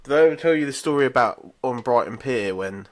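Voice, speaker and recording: A man's voice: mid-range voice, lively intonation, fairly quick. A man, a podcast co-host telling stories in casual chat, blunt and sweary.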